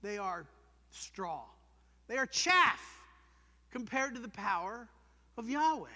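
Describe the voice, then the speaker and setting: A man's voice: high-pitched, expressive, measured pace, sharp tone. A man preaching a sermon in a church, earnest and emphatic, posing rhetorical questions to his congregation. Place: church sanctuary. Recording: long hall reverb.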